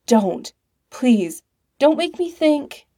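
Flustered defensive young man, read by a woman, slow-paced, mellow low tone. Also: very animated, full character voice. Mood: pleading.

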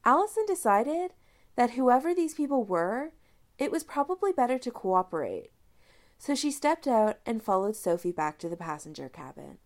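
Lively woman reading fanfiction aloud. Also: on the high side, normal speed. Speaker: fanfiction reader. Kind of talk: audiobook narration.

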